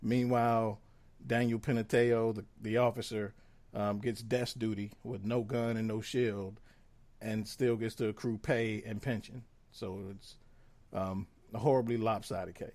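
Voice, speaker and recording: A man co-hosting a podcast, speaking in a measured, earnest way with frequent "um"s. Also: fairly low pitch, steady tone, darkish tone. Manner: measured, earnest, filler-heavy. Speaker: podcast co-host. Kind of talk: casual podcast discussion.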